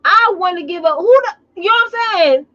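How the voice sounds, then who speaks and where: A woman business coach talking casually on a live stream, telling animated stories and calling her viewers y'all. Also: very high-pitched, normal speed, highs cut off.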